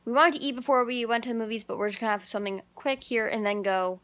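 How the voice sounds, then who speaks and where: A woman's voice: on the high side, steady tone, fast, no room sound. A young Canadian woman vlogging in a casual, upbeat, chatty way, full of "like" and "super". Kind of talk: casual vlog chat. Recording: loud traffic noise behind. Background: car and street noise.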